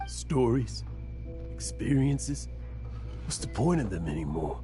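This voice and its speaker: An actor playing an aging, remorseful male adventurer in a video game, speaking in a halting, emotional way. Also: mid-range voice, big pitch swings. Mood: melancholy. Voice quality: gravelly. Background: game music.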